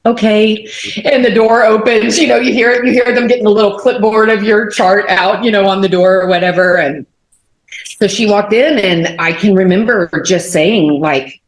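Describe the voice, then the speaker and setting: A woman in her forties from Texas, telling a personal faith testimony as an animated storyteller who leans on fillers. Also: medium pitch, moderate pace. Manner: animated storyteller, many fillers, acts out quotes. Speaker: guest. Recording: roomy echo.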